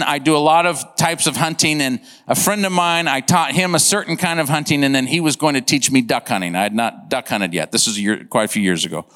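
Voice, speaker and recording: Male pastor, sermon storytelling, animated and comic, high voice, long church reverb. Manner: animated, comic, acts out sound effects.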